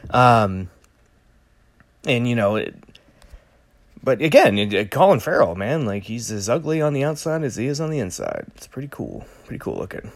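A man's voice: mid-range voice, huge pitch swings, brisk, vocal fry, darkish tone, no echo. A man casually talking through a movie trailer on his own, rambling with many fillers and joking asides. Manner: rambling, lots of fillers and restarts, jokey. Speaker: vlogger reviewing a movie trailer. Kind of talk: casual solo commentary.

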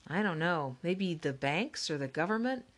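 A woman voicing a calm, thoughtful older brother. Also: fairly low pitch, moderate pace. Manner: calm, explaining. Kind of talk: audiobook character reading.

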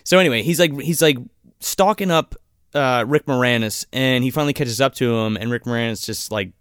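A man's voice: mid-range voice, brisk, clean tone, no room sound, clean studio sound. A man casually recapping a movie plot, swearing freely and acting out lines from the film. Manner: profane, animated retelling with quoted character voices. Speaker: podcast co-host.

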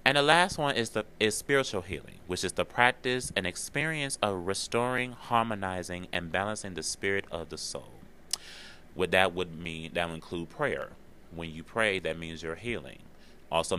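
Male podcast host, lowish bright voice, slangy and expressive, swears freely. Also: a little hiss or hum. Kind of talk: casual podcast monologue.

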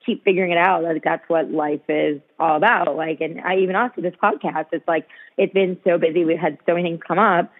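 A woman's voice: fairly low pitch, brisk. A woman co-hosting a podcast, telling stories in casual chat and saying "like" constantly. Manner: animated storytelling, heavy use of "like". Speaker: podcast co-host. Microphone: call. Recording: tinny phone-line call.

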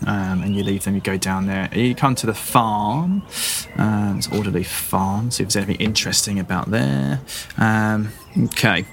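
A man narrating a tabletop game as game master, halting with many fillers. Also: on the low side, vocal fry, a little hiss or hum. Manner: halting, lots of ums.

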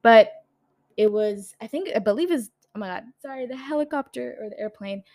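A woman's voice: on the high side, fairly quick, darkish tone. Heated young woman ranting, lots of swearing. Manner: heated, swears often, many fillers and restarts. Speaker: video creator reviewing a film. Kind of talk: ranting casual vlog.

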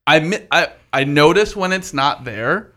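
A man co-hosting a casual podcast chat, talking in an animated, profane way. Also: fairly high pitch, unhurried.

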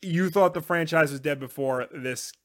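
A man co-hosting a live show, chatting casually with his co-host. He rambles and leans on filler words. His voice sits a little on the high side. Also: normal speed. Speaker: podcast co-host. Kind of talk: casual chat.

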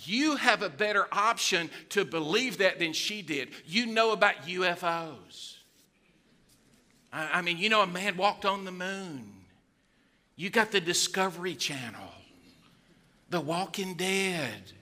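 Guy preaching, high bright voice, acts out the people in his stories. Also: unhurried. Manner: animated storytelling, acts out quoted people. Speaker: pastor. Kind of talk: sermon.

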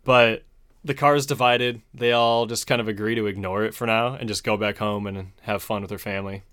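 A man's voice: on the low side, fairly even intonation, brisk, fairly bright tone, clear, resonant tone. A man casually recapping a movie plot on a podcast, laid-back and profane, chuckling as he goes. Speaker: podcast host.

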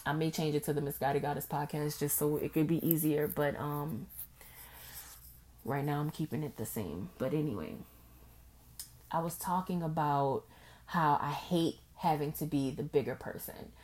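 A young woman hosting a casual solo podcast, talking candidly and acting out past conversations. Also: moderate pace. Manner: candid and expressive, acts out past conversations in a high voice. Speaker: podcast host.

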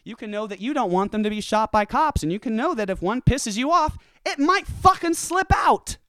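A man from the American South ranting through a stand-up comedy bit, coarse and foul-mouthed. His pitch leaps around wildly, lifting into loud outbursts and dropping into low asides. The voice is smooth and resonant and sounds close and dry. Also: normal speed, dry recording. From Southern United States. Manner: profane, animated, swinging between loud outbursts and low asides. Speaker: comedian and podcast host.

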